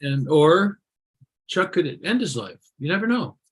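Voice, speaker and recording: A man's voice: fairly high pitch, big pitch swings, measured pace, husky. A man hosting a comedy show over a video call, roasting people with sarcastic jokes. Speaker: show host.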